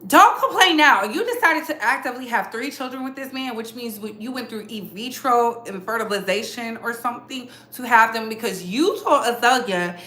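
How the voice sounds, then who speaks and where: Sassy bright-voiced woman dishing gossip. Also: a little high, normal speed, hardly any pauses, echoey room. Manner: sassy, emphatic, repeats lines for effect. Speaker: commentary channel host. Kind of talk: casual celebrity gossip commentary.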